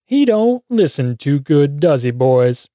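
A menacing male thug who taunts his victim in a sing-song lilt, greedy and cruel, played by a man. His voice is dark and mellow, set in a dry, close audio drama. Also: a little high, sing-song, a little slow, dry recording, voice pushed up. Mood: taunting.

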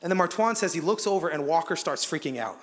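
Guest preacher, male, high-pitched, lively storyteller who acts out quotes, church hall with long reverb. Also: fast. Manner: animated storyteller, acts out quotes, frequent fillers. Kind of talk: sermon with storytelling. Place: church auditorium.

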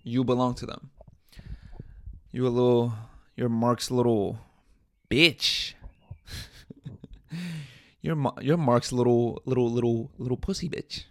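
A young man hosts his own podcast, talking off the cuff with crude, irreverent jokes. His voice carries a gravelly fry at mid pitch. The sound is dry and close to the mic. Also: fairly even intonation, takes it slowly, pauses often, warm tone, no room sound. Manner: joking, irreverent, swears a lot, laughs at own bits. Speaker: podcast host. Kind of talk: casual solo podcast rant.

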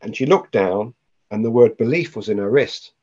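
A man's voice: on the low side, normal speed, dark tone, slightly rough, lo-fi sound. A man, a podcast guest, tells a personal story with animation and acts out the voices of the people in it.

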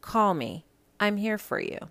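A woman from the American Midwest hosting a podcast, chatting casually about pop culture with lots of swearing and sudden loud rants. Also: mid-range voice, unhurried, smooth. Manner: profane, animated, swings to loud rants. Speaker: podcast host.

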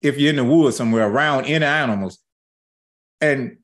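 A middle-aged man preaching a sermon in a folksy, animated way, acting out quoted asides. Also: medium pitch, fairly quick. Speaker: pastor.

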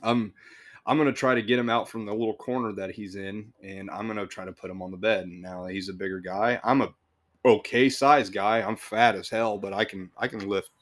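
A man's voice: on the low side, steady tone, fairly quick, a bit bright. A man hosting a podcast, telling a work story in a casual, rambling way with swearing, restarts and chuckles.

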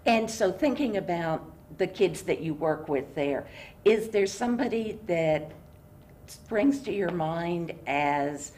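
A woman with a notably low speaking voice conducts an interview, asking open questions and giving short, encouraging replies. A faint noise hums beneath her voice. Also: animated, takes it slowly, darkish tone. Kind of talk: conversational interview.

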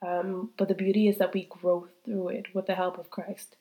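A woman's voice: medium pitch, little pitch movement, normal speed, mellow. Congested woman hosting a heartfelt podcast. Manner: heartfelt, repetitive, talks straight to listeners. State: congested from a cold. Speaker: podcast host. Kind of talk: candid faith-based podcast talk.

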